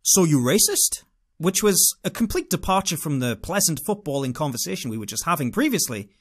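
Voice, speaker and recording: A man's voice: fairly high pitch, sing-song, fast talker, husky. A man with a British accent telling a first-person travel story in a dramatic, wry way.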